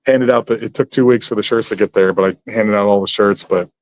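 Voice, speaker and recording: A man being interviewed about his acting career, telling lively anecdotes and acting out other people's voices. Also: on the low side, fast talker, rough recording. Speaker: actor guest. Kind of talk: casual interview storytelling.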